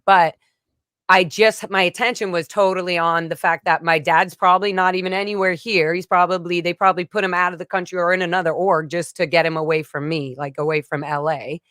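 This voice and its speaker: A woman's voice: on the low side, fairly bright tone, no echo, studio quality. A woman vlogger telling a personal story in a casual, rambling way, full of "like" fillers. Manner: rambling, emotional retelling with frequent "like" fillers. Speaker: vlogger recounting a personal event.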